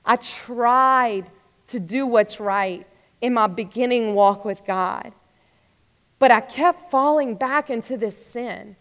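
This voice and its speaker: A woman's voice: fairly high pitch, slow, fairly bright tone. A young woman preacher giving a fervent sermon testimony, rising to urgent exhortation. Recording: long hall reverb.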